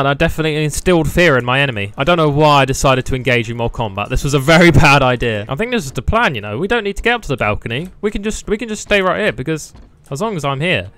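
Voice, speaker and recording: A man's voice: on the high side, fairly bright tone, no room sound. A man doing sarcastic comedic commentary while playing a video game, laughing often and mocking it. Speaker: gaming YouTuber. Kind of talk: comedic let's play commentary.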